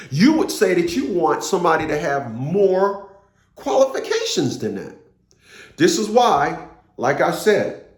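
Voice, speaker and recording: On the high side, this man's voice bounces around an echoey room as he delivers a casual political rant. The commentator rambles, repeats himself and uses profanity.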